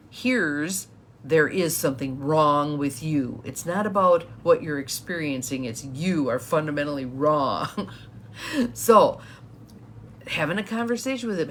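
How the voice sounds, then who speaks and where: A woman's voice: low voice, a little hiss or hum. A woman coach giving a chatty live-streamed talk to viewers, laughing often as she explains. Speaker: empowerment coach.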